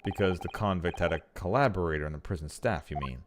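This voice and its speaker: A man's voice: sits low, quick pace, a little hiss or hum, close to an everyday voice. A man voicing an earnest young male lawyer in a game, polite and inquisitive.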